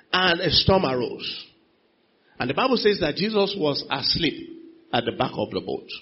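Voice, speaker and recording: A husky, medium-pitched male preacher gives a sermon in a church, calling out for responses from the congregation. He swings between quiet asides and loud exclamations, and the recording sounds dull and lo-fi.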